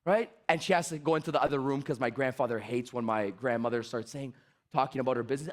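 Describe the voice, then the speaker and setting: A man giving an energetic stage talk on sales, telling animated stories and acting out the dialogues. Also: medium pitch, fast talker. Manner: animated storytelling, acts out dialogues. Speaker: motivational sales speaker.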